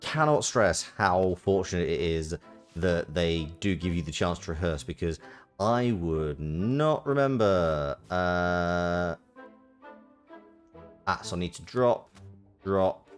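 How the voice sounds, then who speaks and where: A man's voice: low voice, lively intonation, takes it slowly, pauses often. A man streaming a video game, chatting casually and muttering to himself as he works through each step. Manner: muttering to himself while working through steps. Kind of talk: casual let's-play commentary. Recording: live stream with faint game music.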